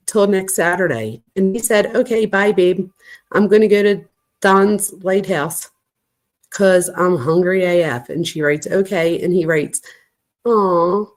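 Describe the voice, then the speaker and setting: A woman hosting a true crime channel, reading a couple's text messages aloud and reacting with shocked asides. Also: lowish voice. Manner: animated, reacts with gasps and asides.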